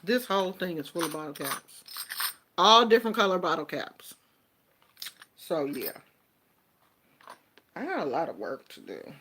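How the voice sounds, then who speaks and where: A woman's voice: lowish voice, very animated, measured pace, pauses often, bright, forceful tone, slight background noise. A woman chatting casually to her viewers, with a Black way of speaking, telling stories and laughing often. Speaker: vlogger.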